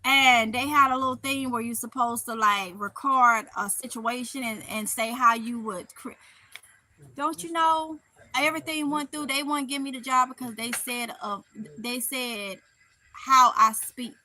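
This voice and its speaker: A woman with a Mississippi Southern accent chatting casually on a live stream, reading viewer comments aloud, animated and laughing often. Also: fairly high pitch, measured pace. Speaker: vlogger reading live chat.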